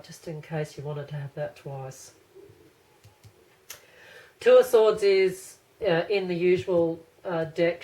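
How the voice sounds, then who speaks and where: A woman's voice: fairly low pitch, darkish tone, low-quality recording. A woman giving a casual pick-a-card tarot reading to camera, rambling and thinking aloud with many restarts.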